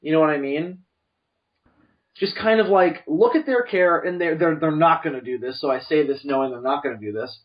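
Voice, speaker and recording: A man co-hosting a podcast, rambling through animated opinions with lots of restarts. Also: on the high side, a little fast. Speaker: podcast co-host. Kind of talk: casual chat. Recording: distant, dull lo-fi podcast mic.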